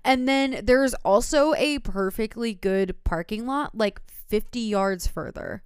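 A woman's voice: fairly high pitch, measured pace, smooth, no echo, studio quality. A young woman co-hosting a podcast, telling a long story in a rambling way, full of fillers and laughs. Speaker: podcast co-host. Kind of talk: casual podcast chat.

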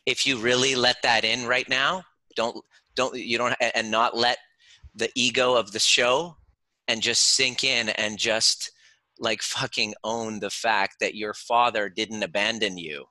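A man's voice: mid-range voice, fairly even intonation, a little slow, bright, forceful tone, no echo. A man, a chiropractor and educator, guiding someone through an emotional healing exercise with an intense, soothing, coaching delivery. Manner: intense, soothing, swears freely.

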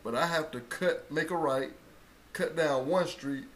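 Male storyteller, bright forward tone, acts out voices, faint room ambience. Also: fairly high pitch, measured pace, slight background noise. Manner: animated storyteller acting out quotes, rising to loud bursts. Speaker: co-host telling a birth story. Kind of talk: casual storytelling chat.

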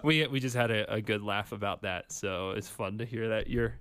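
A man's voice: fairly low pitch, normal speed, fairly bright tone, clear, resonant tone. A man hosting a seminary podcast interview, friendly, upbeat and chatty. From Philadelphia, USA. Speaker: podcast host. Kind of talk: casual interview chat.

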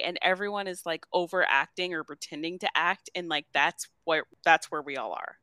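A woman co-hosting a casual podcast, recapping a TV episode, animated and swearing casually, acting out the characters' lines. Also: fairly low pitch, moderate pace, few pauses, no echo. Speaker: podcast co-host.

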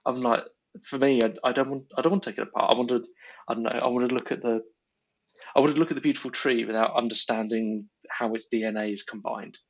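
A man's voice: medium pitch, fairly even intonation, fast. A man in casual conversation, reflective and stumbling over repeated words as he thinks aloud. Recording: dull lo-fi audio.

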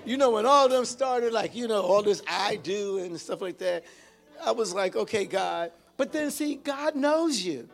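An older man in his sixties preaching a sermon, exclaiming and calling out to his congregation with sudden shouts. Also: sits high, animated, moderate pace, gravelly, faint music behind. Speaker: pastor.

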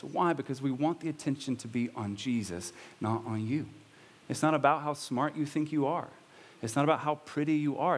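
A man's voice: mid-range voice, slightly rough. A man preaching a sermon as pastor, talking in a conversational way with bursts of raised emphasis. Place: church hall. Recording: long reverb of a church hall.

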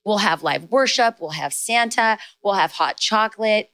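A young adult woman talking as a podcast guest in casual chat, telling stories in quick bursts and jumping higher when she quotes people. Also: dry recording. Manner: storytelling, fast bursts with excited rises in quoted lines. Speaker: podcast guest, author and speaker.

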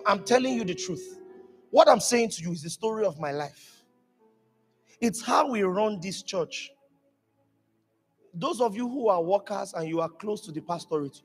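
A pastor preaching a sermon to his church, emphatic and animated, rising to shouted peaks. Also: high voice, in a large hall. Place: church hall.

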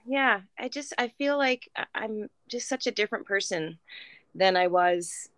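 A woman in her thirties talks candidly and thoughtfully, pausing with small fillers. Her voice is bright and smooth. The sound is dry and close. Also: medium pitch, lively intonation, no room sound. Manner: reflective, open, hesitant with fillers. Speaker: podcast co-host. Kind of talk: casual chat.

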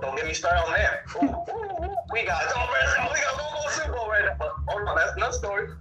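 A man's voice: sits high, quick pace, muffled recording, over loud music. Rambling man calling in from far. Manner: rambling, animated, swearing. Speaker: caller. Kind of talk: casual storytelling. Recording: roomy, distant phone-in sound.

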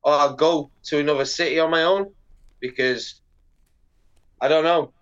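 A man talking as a guest on a casual podcast interview, animated, swearing a lot and filling his speech with "like". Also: fairly high pitch, moderate pace, clear, resonant tone, dull audio. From Britain. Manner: animated, heavy swearing, lots of "like" fillers. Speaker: podcast guest, pro skateboarder.

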